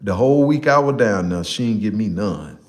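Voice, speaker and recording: A young man, casually telling a personal story to a live chat, animated and repeating himself for emphasis. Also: on the low side, moderate pace, echoey room.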